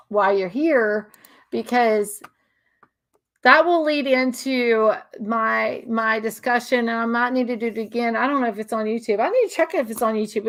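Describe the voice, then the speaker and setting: A woman with a slightly high voice speaks in a loose, heartfelt monologue. She often breaks off, restarts sentences and repeats herself for emphasis. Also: a bit bright. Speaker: speaker sharing religious views. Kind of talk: casual emotional monologue.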